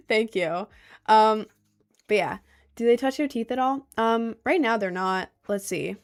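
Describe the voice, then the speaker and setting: A young woman from the United States who streams live, chatting casually and reading out viewer comments. She rambles through stories with lots of fillers and sudden lively outbursts. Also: a little high, unhurried. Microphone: desk mic, sometimes leaning close.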